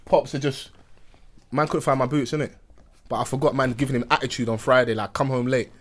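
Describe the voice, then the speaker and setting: A young man with a London accent, telling animated stories in casual chat full of slang. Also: medium pitch, fairly quick.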